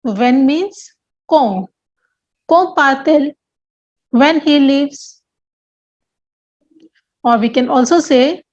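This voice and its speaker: Slow, high-voiced woman teaching French. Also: animated, a little mellow, lo-fi sound. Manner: slow, deliberate, repeats example sentences. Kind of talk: explaining grammar to learners.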